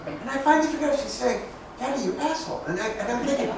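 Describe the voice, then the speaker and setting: A man with a fairly high voice preaches in a joking, chatty way and keeps putting questions to his congregation. The mic sits far from him in a very echoey church. A faint hiss of noise runs underneath. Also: animated, rapid-fire, gravelly. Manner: humorous and conversational, questioning the congregation. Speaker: pastor. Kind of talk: sermon. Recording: echoey hall picked up from a distance, faint noise.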